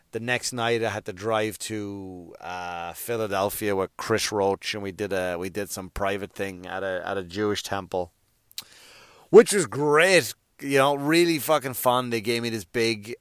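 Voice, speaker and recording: A man's voice: fairly low pitch, clean tone, no room sound, studio quality. A male stand-up comedian talking in a casual, rambling monologue, swearing often and restarting his sentences. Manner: profane, rambling, with frequent restarts.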